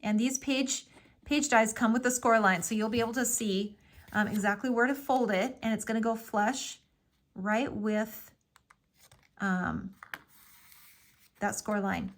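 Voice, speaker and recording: Slightly high-voiced woman teaching a craft. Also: a little slow, long pauses. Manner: friendly step-by-step instructing with fillers. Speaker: craft instructor. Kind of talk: casual craft tutorial.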